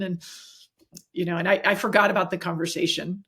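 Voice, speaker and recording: Middle-aged woman guest, lowish voice, earnest anecdotal storyteller, conversational. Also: fairly even intonation, brisk, pauses often, fairly bright tone, breathy edge. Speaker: guest, executive coach. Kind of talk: casual interview chat.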